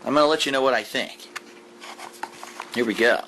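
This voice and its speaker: A man's voice: medium pitch, moderate pace, sharp tone, a little hiss or hum. A man casually reviewing a burger at home for his vlog, talking enthusiastically and repeating his points, with the camera mic set down in front of him. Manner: enthusiastic, emphatic, repeats himself. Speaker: food reviewer vlogger. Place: at home, indoors. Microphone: camera mic, set down while eating.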